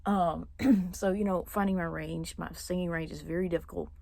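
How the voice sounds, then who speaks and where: A young woman vlogging casually, rambling with many fillers and restarts and clearing her throat now and then. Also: on the low side, steady tone, normal speed, darkish tone, dry recording. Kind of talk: casual personal monologue.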